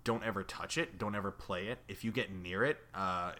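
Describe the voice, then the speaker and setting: A man co-hosting a podcast, his voice bright and clear. He spins an improvised comic story with animated energy, dotted with fillers and laughs. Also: lowish voice, moderate pace. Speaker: podcast co-host.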